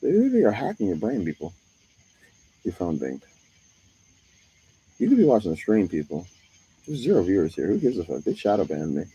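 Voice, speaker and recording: A man with a deep, dark voice rambles through a live-stream monologue. His pitch swings widely as he jumps between topics, swearing freely. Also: huge pitch swings, fast, husky, muffled recording.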